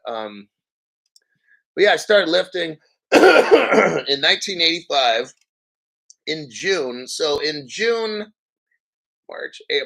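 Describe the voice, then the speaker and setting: A man's voice: on the high side, fairly bright tone. Profane, ranting man in his fifties. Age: 50s. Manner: profane, mocking, rambling. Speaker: crypto channel host. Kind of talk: casual unscripted rant to viewers.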